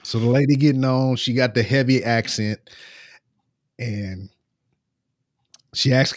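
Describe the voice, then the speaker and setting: A man co-hosting a podcast in casual chat, telling animated stories and swearing freely. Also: mid-range voice, unhurried, pauses often, no room sound, studio quality. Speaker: podcast co-host.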